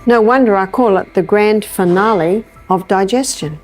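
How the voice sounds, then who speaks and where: A woman giving a health lecture, animated and telling a story while she acts out the dialogue. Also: mid-range voice, moderate pace, faint music behind. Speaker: natural health educator.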